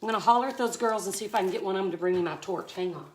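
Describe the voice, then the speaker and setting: A woman's voice: medium pitch, very fast. Effusive Southern woman from Mississippi, talking viewers through a live resin art demo. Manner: chatty, effusive, exclaims often.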